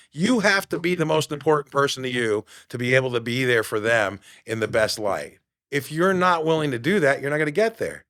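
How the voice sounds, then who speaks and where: A man in his fifties who hosts a podcast and coaches fitness delivers an animated motivational monologue, acting out the voices he quotes. His voice sits at medium pitch and moves a little fast.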